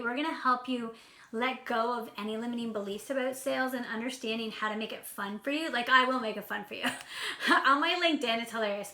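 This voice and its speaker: Bubbly fast-talking woman coach, echoey room. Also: fairly high pitch, pushed and bright. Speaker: sales coach. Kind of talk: casual live stream talk. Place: indoor room at home.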